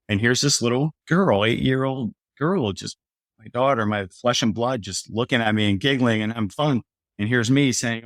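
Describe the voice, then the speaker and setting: A man's voice: medium pitch, fairly quick, fairly bright tone, no room sound, studio quality. A middle-aged man, a podcast guest, earnestly telling a personal story and lifting his voice when quoting others.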